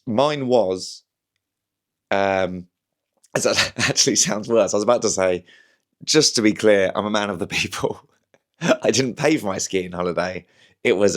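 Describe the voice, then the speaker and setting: In a low voice, a young comedian and podcast host from Slough, England, rambles through a casual solo chat. His southern English accent is slightly posh, and he keeps restarting, using fillers and making fun of himself.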